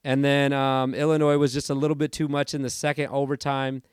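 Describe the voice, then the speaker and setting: A man in his thirties hosting a casual sports podcast, chatty and rambling, his voice hoarse from allergies. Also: mid-range voice, flat delivery, brisk, dry recording, studio quality. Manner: chatty and rambling, self-correcting. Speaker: podcast host.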